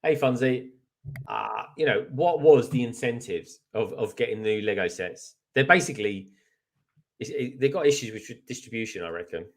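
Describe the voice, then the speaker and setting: A man chats as a guest on a casual livestream, relaxed and prone to rambling stories. His voice sits at an ordinary middle pitch. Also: moderate pace.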